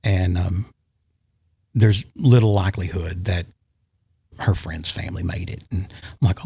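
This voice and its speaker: A man's voice: lowish voice, animated, normal speed, gravelly, pauses often, dark tone, husky. A man telling an emotional story in a casual podcast chat, with frequent restarts. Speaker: podcast guest.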